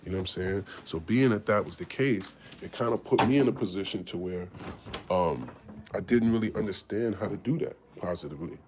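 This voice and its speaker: A podcast host from Harlem, New York, tells his life story in a low, slightly fast voice against a noisy background. His casual talk is candid and profane, and he acts out the voices of the people he quotes.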